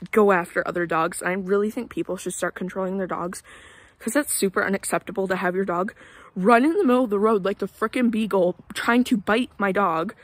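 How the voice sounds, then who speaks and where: A woman's voice: mid-range voice, dry recording. A young woman talking on a walk outdoors, chatty and out of breath, with many fillers and indignant asides. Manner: chatty, lots of fillers, indignant about neighbors. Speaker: vlogger. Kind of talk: casual rambling vlog, walking. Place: outdoors in a neighborhood.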